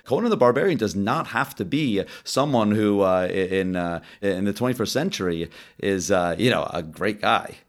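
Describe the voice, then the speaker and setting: A man guesting on a film podcast, talking in a measured, academic way with frequent hesitations. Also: lowish voice, lively intonation. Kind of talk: casual film discussion.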